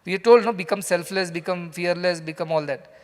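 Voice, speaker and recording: Indian english guy teaching scripture, pretty high voice, chatty storyteller vibe, hall echo. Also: steady tone, a little fast. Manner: conversational storytelling, asks the audience questions. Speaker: spiritual teacher. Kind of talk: scripture lecture to a live audience. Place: large lecture hall. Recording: reverberant hall.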